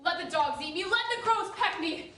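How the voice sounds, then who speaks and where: A woman's voice: very high voice, animated, moderate pace, pushed and bright, a little hiss or hum, exaggerated voice. A woman playing a grief-stricken young woman of a chorus who bitterly declaims that she would rather die than be taken. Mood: mournful. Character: grief-stricken young woman wishing for death over capture. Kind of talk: school stage play performance. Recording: very echoey stage from far off.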